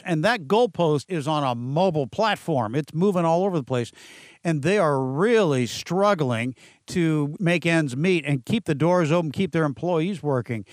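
A man's voice: on the high side, no echo. A man with a slightly raised voice hosts a business podcast interview. He talks in a folksy, upbeat way full of colorful phrases. The sound is dry and close, with no room around it. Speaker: podcast host.

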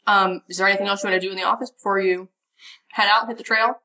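A woman narrating as game master of a tabletop role-playing game in a relaxed, chatty way. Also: mid-range voice, very fast, recorded from a distance.

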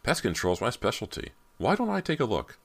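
A man's voice: medium pitch, huge pitch swings, brisk, vocal fry, voice pushed up, exaggerated voice. A man voicing a friendly young male handyman in a storybook reading, breezy and eager.

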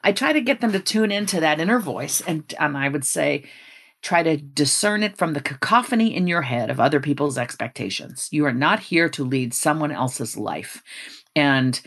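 A middle-aged woman with a low voice, a guest giving earnest, measured advice in conversation and slowing down to stress her points. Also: expressive, fairly bright tone. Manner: earnest, measured, slows down for emphasis.

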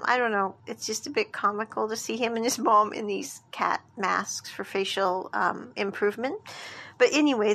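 A woman's voice: on the high side, creaky, fairly bright tone. A woman casually recapping a drama, chatty and rambling, often stepping back to give her own opinion. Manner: chatty, rambling, self-referring in third person. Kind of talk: casual chat.

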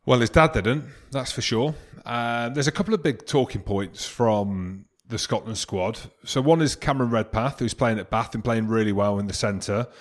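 A man from England chats on a podcast in a loose, self-mocking tone. He jokes his way through the talk in a plain, mid-pitched voice. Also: moderate pace, hardly any pauses. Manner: jokey, self-mocking banter. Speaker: podcast co-host. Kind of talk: casual podcast chat.

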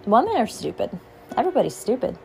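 A woman's voice: on the high side, very animated, quick pace, gravelly, faint music behind. A young woman hosting a podcast, talking in a frustrated, heated casual monologue. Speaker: podcast host.

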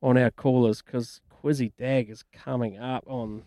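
A man's voice: medium pitch, steady tone, a little slow, warm tone, no room sound, studio quality. A man co-hosting breakfast radio, chatty and enthusiastic, teasing his partner. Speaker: radio co-host.

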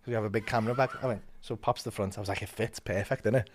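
A man telling a story as a comedian guest, swearing a lot and acting out quotes with big swings in loudness. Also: lowish voice, fairly even intonation, rapid-fire, a little hiss or hum. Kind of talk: animated storytelling.

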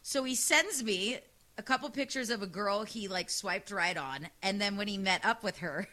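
A woman radio host with a loud, sassy, animated way of talking, telling a dating story in casual chat. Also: mid-range voice, normal speed.

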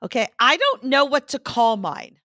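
A woman co-hosting a podcast in casual chat, her voice hoarse and strained yet bright and forceful, pitched a little high. She tells stories in a teasing, animated way, and the recording is dry and close. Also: moderate pace, no echo. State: hoarse, lost voice. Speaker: podcast co-host.

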